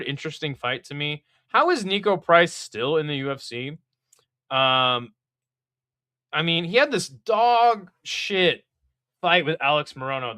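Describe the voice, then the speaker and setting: A man's voice: on the high side, sharp tone, no room sound, clean studio sound. A young man giving a casual, blunt and profane breakdown of a fight card, sounding exasperated and mocking. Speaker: MMA fight card previewer.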